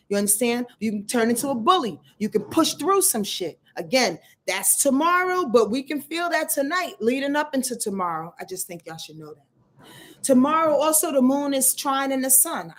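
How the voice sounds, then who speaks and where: Animated slangy woman talking astrology. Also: a little high. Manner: animated, slangy, laughs often, clears throat. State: sore back. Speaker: astrology channel host. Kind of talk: casual livestream astrology talk.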